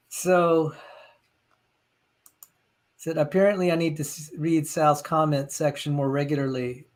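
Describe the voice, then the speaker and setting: Male host, slightly high voice, animated storyteller, casual talk. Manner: animated storytelling, quoting others. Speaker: channel host. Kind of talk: casual chat.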